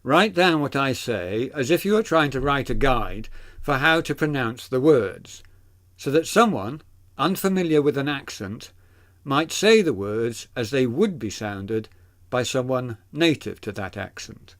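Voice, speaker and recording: Slow, lively-voiced male teacher. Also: mid-range voice. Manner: deliberate, clearly enunciated explaining. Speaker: literature teacher. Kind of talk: explanatory video lesson.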